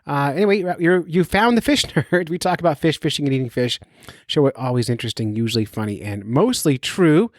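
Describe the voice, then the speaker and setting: A slightly fast, high-leaning male voice with lively intonation comes through a dry, studio-quality recording. The speaker, a fishing guide and podcast host, chats from his home basement in a casual monologue, cheerful, playful and self-mocking.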